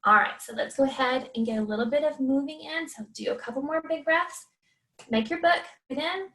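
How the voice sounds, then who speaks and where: Gentle woman instructor for kids yoga, high pitched, slightly off mic. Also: brisk, far from the mic. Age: adult. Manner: gentle, encouraging, talks to a child.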